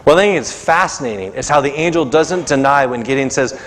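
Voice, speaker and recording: A man's voice: mid-range voice, a little fast, fairly bright tone. A male pastor preaching a sermon in a church sanctuary, talking conversationally and acting out the voices he quotes. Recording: long church reverb.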